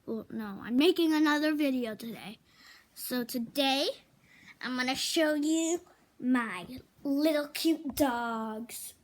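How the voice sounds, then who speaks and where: Slow, high-voiced chatty girl vlogging. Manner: chatty, rambling, coos at her dogs in a high voice. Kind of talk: casual home video. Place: home, indoors and out in the rain. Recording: noisy home video with rain noise.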